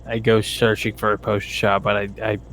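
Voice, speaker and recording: A man playing a tabletop game who talks in a hesitant, halting way. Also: fairly low pitch, completely flat delivery, fairly bright tone, a little hiss or hum. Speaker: player. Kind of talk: tabletop role-play chat.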